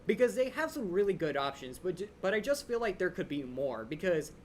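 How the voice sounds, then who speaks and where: A young man hosting a live Q&A stream, rambling quickly and eagerly with lots of fillers, his voice a little drained. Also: sits high, a little hiss or hum. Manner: fast, excited fan rambling with many "like" fillers. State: voice a bit drained. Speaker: channel host answering viewer questions.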